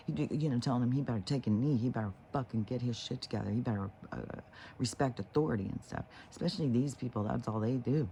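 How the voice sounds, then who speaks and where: Gravelly, dark-toned man for a spiritual vlog, rambling and profane, full of fillers. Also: mid-range voice, fairly quick, slight background noise. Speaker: spiritual vlogger. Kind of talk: casual rambling monologue.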